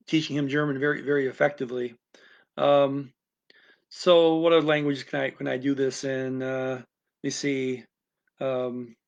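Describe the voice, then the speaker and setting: A man's voice: mid-range voice, gravelly, fairly bright tone. A man teaching languages, talking off the cuff in a rambling way with many restarts and fillers. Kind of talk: casual unscripted explanation to camera.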